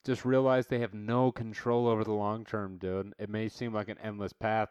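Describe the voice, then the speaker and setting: A man's voice: fairly low pitch, normal speed, darkish tone, no room sound, highs cut off. A man hosting a podcast, delivering a profane, fired-up motivational rant, blunt and swearing constantly as he calls listeners dude. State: worked up and irritated. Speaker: podcast host.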